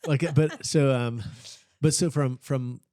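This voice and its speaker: A man's voice: mid-range voice, fairly even intonation, slow pace, mellow. A man who is a pastor, chatting casually in an interview and telling rambling stories full of fillers and restarts. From Nebraska, Texas, Kentucky.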